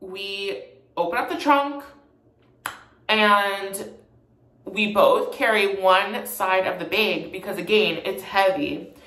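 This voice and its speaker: A woman's voice: mid-range voice, takes it slowly, long pauses, a bit bright. A young woman chatting through a storytime vlog with a sassy, gossipy tone and plenty of fillers. Her mid-range voice bounces around an echoey room. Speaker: vlogger.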